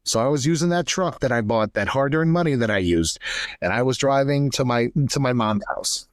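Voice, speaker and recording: A young podcast co-host with an animated, mid-range voice talks a little fast, recorded with studio quality and no room sound. He candidly recounts a painful family story with emotion, performing the quoted voices himself.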